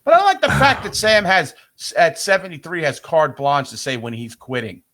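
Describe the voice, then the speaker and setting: Older New York man, podcast co-host; grumpy ranter with a very lively pitch. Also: normal speed. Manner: grumpy ranting. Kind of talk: casual sports chat.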